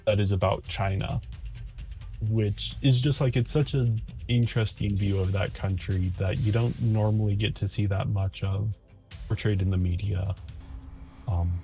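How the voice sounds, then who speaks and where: A man with a lowish voice talks casually in an easygoing way, pausing often with ums. Faint music plays under the recording. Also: steady tone, vocal fry, warm tone. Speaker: co-host. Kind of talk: casual chat.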